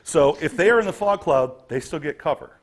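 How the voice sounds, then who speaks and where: Lively, animated male game master. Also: a little high, a little fast. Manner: animated, joking. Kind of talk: narrating a tabletop game.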